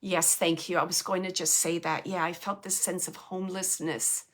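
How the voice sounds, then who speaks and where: A woman host giving a live mediumship reading, halting and searching for words, sometimes dropping to a hushed whisper. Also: lowish voice, flat delivery. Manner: drops to a hushed whisper at times. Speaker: psychic medium.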